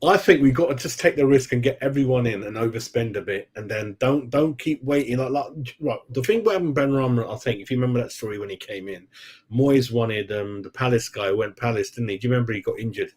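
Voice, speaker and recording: A man talks casually to his viewers about his football club. He rambles, stops to hunt for names, and tacks "mate" onto his sentences. His voice sits at a middle pitch. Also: brisk, darkish tone, breathy edge. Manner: rambling and chatty, calls people "mate", forgets names. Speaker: football fan channel host. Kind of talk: casual live-stream chat with viewers.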